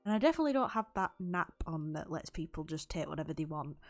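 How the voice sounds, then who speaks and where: A woman's voice: low voice, expressive, quick pace, faint music behind. A young woman chatting loosely over a game build, rambling and laughing often. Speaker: YouTube Sims builder. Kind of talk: recorded voiceover over gameplay.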